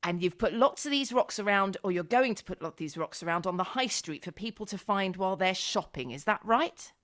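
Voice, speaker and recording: Woman radio presenter, animated and encouraging, varied lively pitch. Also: fairly quick. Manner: warm, animated and encouraging with a child guest. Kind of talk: live radio interview.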